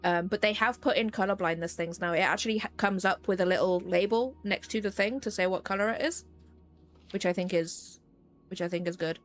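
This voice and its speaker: A woman's voice: medium pitch, brisk, faint music behind. A woman streaming a puzzle game, chatting casually and poking fun at herself as she plays. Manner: chatty, self-deprecating, rambling with fillers. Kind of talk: casual gameplay commentary.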